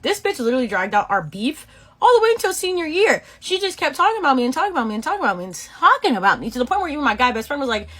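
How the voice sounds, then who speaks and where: A young woman from Boston tells a story in a casual vlog, full of sass and slang. Her voice is fairly high and she keeps it lively and animated. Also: racing. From Boston, USA. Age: 20s. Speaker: beauty vlogger.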